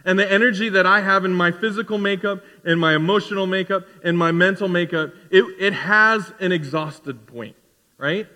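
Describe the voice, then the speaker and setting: A man in his forties preaching a sermon in a conversational, animated way, acting out little asides. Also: high voice, normal speed, in a large hall. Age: 40s. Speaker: pastor. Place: church sanctuary.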